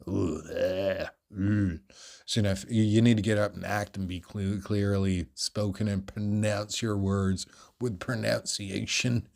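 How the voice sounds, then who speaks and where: Mellow-voiced Australian man telling stories. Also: on the low side. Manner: projected, animated, deliberately clear speech; rambling with frequent fillers. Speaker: podcast host. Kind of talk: storytelling monologue.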